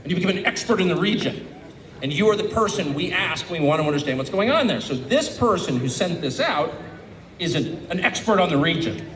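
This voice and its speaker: An American man giving a public speech to an audience in a sarcastic, animated way. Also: high voice, a little fast, a little hiss or hum. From United States. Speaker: guest speaker. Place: event venue before an audience. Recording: echoey venue, distant mic, background ambience.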